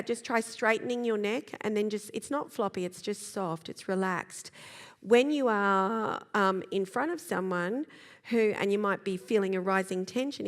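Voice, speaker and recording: A woman giving a live talk about children's behaviour, explaining in a lively way and acting out little examples. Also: medium pitch. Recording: long hall reverb.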